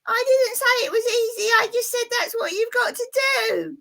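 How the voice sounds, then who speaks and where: A high, squeaky, whiny male puppet, cheeky and self-important, forever put out and fishing for sympathy, as a woman puts him on. His voice sits far above an ordinary speaking range and has a sharp, tense edge. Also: normal speed, vocal fry, heavily acted. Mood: indignant. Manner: whiny, indignant, high and strained.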